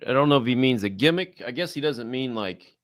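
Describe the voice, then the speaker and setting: A man's voice: medium pitch, animated, brisk, dry recording, studio quality. A man co-hosting a casual chat, reading viewer questions and thinking aloud hesitantly with many fillers. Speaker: co-host.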